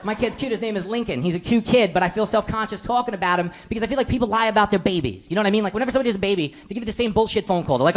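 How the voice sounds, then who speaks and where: A man's voice: high-pitched, expressive. A man doing a punchy stand-up set in a comedy club. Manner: quick, punchy delivery. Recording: live club with background noise.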